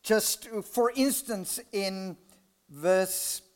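A preacher delivers a sermon and reads scripture in a slow, measured cadence, pausing often between short phrases. The voice sits in a middle pitch and drops away softly as each phrase closes. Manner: slow, deliberate phrasing with pauses, voice trailing off at phrase ends.

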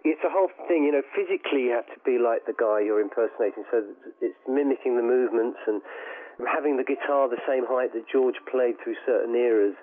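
A man's voice: medium pitch, brisk. A middle-aged man with a slight southern English accent, answering radio interview questions enthusiastically and rambling with restarts. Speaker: guest musician. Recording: tinny phone line.

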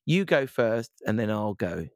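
A man's voice: lowish voice, sing-song, measured pace, dry recording, clean studio sound. Rambling man, joking co-host. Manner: rambling, joking, restarts a lot. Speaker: podcast co-host. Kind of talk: casual podcast chat. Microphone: podcast microphone.

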